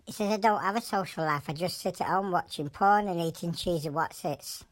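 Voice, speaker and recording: A low-voiced Yorkshire creature, played by a woman, rambles through jokes in broad dialect with a straight face. The voice sits deep for a woman. It is recorded dry and close. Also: a little fast, no echo, lightly acted. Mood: deadpan. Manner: deadpan, rambling joke-telling in broad dialect. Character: a blunt animal telling deadpan jokes.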